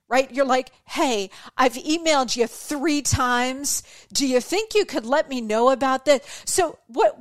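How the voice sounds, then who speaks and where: A woman's voice: fairly high pitch, dry recording, studio quality. A woman hosting her own podcast, ranting with exasperation and acting out mocking quoted voices. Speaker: podcast host. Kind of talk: opinion monologue.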